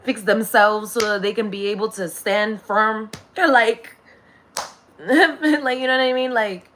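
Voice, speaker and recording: A woman's voice: a little high, fairly even intonation, a little slow, a bit bright, a little hiss or hum. A woman delivering a rambling, profane spiritual monologue, laughing often.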